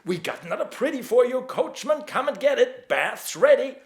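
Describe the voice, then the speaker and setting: A man voicing a group of drunken young men shouting cruel taunts in high, loud yells. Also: sing-song, normal speed, gravelly, echoey room, full character voice. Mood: jeering.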